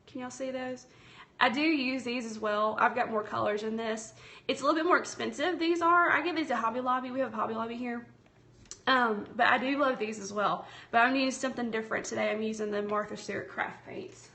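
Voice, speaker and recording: A Southern woman with a slightly high voice hosts a relaxed live painting tutorial from her tablet. She chats warmly with viewers as she works, reads out their comments and calls them y'all. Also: fairly quick. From Tennessee, US South. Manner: chatty and friendly, calls viewers y'all, talks while working. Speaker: craft livestream host. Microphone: tablet streaming app.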